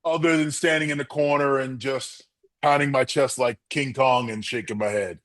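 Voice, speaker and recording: Animated storytelling man, dry close sound. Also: mid-range voice, normal speed, no room sound. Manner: animated storyteller, acts out quotes. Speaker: guest, former pro wrestler. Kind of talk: storytelling interview answers.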